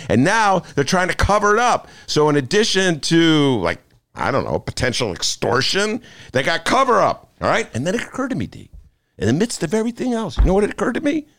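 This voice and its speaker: A man's voice: rumbling low, creaky. A male radio talk show host in a studio, rambling and joking off on tangents, in casual banter. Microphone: studio microphone.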